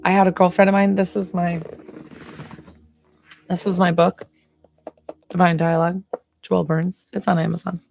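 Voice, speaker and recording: A woman's voice: lowish voice, level tone, moderate pace, gravelly, long pauses, darkish tone, a little hiss or hum. A woman doing a live psychic medium reading, rambling and hesitant with lots of fillers, sounding tired. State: tired, yawning.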